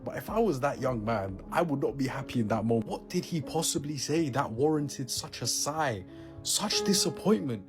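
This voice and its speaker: Incredulous man over clear music. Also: medium pitch, expressive, normal speed. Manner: incredulous, earnest advice. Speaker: commentator on relationships. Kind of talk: opinion commentary.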